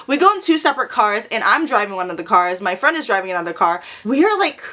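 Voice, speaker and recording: Young woman, bright and forceful voice, vlogger, over-the-top storytelling. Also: mid-range voice, quick pace. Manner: animated, profane, dramatic storytelling. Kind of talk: storytime vlog.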